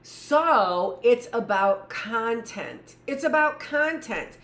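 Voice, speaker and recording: A woman teacher leading a livestreamed lesson for young children, talking loudly and rambling through joking asides to herself. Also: a little high, animated, slow pace. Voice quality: loud voice. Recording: echoey room.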